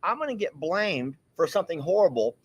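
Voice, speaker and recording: A man's voice: a little high, very animated, a little fast, breathy edge. A man hosting a casual livestream outdoors on a farm, chatty and teasing. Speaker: livestream host.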